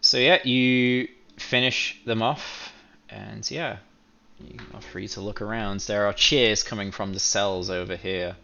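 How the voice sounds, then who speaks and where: A man's voice: fairly low pitch, steady tone, unhurried, creaky, sharp tone, muffled recording. A man narrating a tabletop game as game master, easygoing and full of fillers, over background music.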